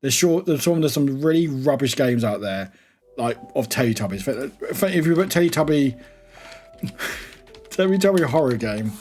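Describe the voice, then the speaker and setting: A man chatting casually to viewers on a live stream, excitable and quick to break into laughter. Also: mid-range voice, faint music behind.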